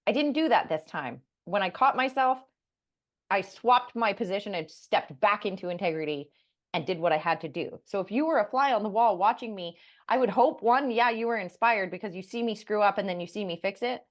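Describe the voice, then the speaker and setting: A middle-aged woman co-hosting a podcast, talking candidly and bluntly, animated and swearing freely. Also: mid-range voice, fairly quick, highs cut off. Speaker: podcast co-host. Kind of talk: candid casual chat.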